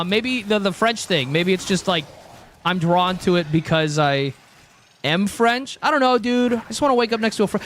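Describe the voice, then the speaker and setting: A man's voice: sits high, a bit bright, slight background noise. A young man streaming, chatting casually and rambling with jokes to his chat. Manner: rambling, joking, talks to chat.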